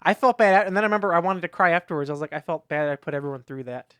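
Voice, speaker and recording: A man's voice: fairly high pitch, racing, a bit bright, clean tone, no room sound, studio quality. A man co-hosting a podcast, telling a rambling story in casual chat with lots of restarts. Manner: rambling storytelling with many restarts and acted quotes. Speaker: podcast co-host.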